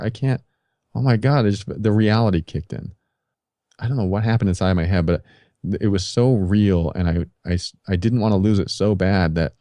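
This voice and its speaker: Earnest middle-aged man, low mellow voice. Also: no room sound. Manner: earnest, confessional, advice-giving. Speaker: podcast guest. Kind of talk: candid personal storytelling. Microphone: podcast microphone.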